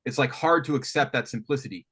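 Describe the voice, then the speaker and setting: A man coaching a student on writing guitar riffs, thinking aloud with lots of restarts and animated talk. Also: medium pitch, quick pace, husky. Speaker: music coach. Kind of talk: teaching songwriting on a call. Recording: faint guitar music behind.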